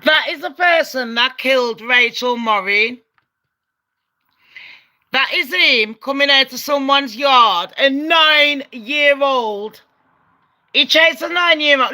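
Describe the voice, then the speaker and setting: A woman commentating on a true-crime video, excitable, loud and swearing a lot. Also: high-pitched, takes it slowly. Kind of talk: live commentary over video.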